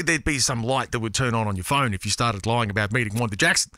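A bright, forward-sounding Australian man hosts a radio show from a studio. He reads listener texts in a loose, rambling, self-deprecating way, full of "uh"s and restarts. The sound is dry and close on a studio mic. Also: mid-range voice, quick pace, dry recording. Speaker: radio host. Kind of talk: casual radio chat reading listener texts.

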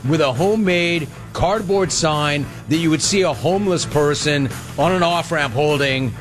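A man hosting a sports radio show, reading listener questions and answering them with casual anecdotes and quick impressions of people he talks about. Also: a little high, over music. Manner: storytelling, mimics people in anecdotes.

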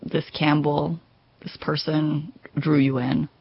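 Documentary host and narrator, gravelly voice, measured probing questions, dull sound with faint music. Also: medium pitch, level tone.

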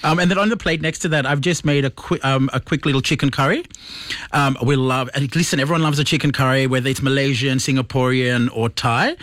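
Enthusiastic Fiji-born chef, dry sound. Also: male voice, mid-range voice, steady tone, brisk, a bit bright, no echo. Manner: enthusiastic, describes dishes in detail. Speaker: chef guest. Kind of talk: casual interview chat.

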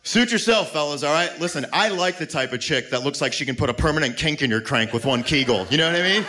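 A man's voice: on the high side, animated, quick pace, hardly any pauses. A man doing a crude stand-up comedy set on a club stage, brash and prone to sudden yelps, on a handheld mic. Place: comedy club stage before a live audience. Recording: live club recording with noisy room.

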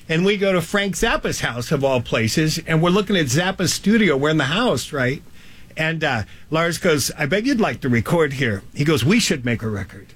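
A man, a guest musician, telling stories in casual chat, animated and often laughing as he quotes people. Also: on the high side. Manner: animated, laughing storyteller doing quoted voices.

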